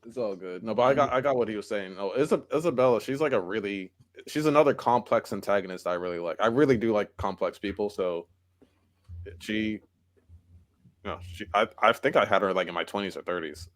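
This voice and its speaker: A man's voice: on the low side, a little fast. A man co-hosting a podcast in casual chat, teasing and questioning the others. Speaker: podcast co-host.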